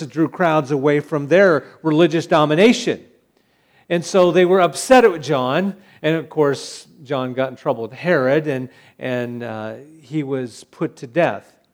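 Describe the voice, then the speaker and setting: Man preaching a casual sermon. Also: on the high side. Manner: conversational, with fillers and restarts. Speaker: pastor.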